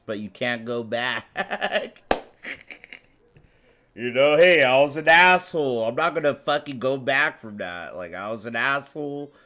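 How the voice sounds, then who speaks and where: A man's voice: medium pitch, sharp tone. A man from the United States commentating on a live stream, ranting at chat in a profane, rambling, confrontational way. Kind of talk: heated live-stream rant.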